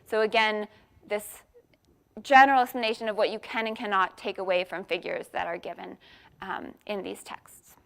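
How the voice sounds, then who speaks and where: A woman's voice: medium pitch, steady tone, moderate pace, creaky, fairly bright tone. A woman giving an academic conference talk, explaining points step by step with frequent fillers and restarts. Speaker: workshop speaker.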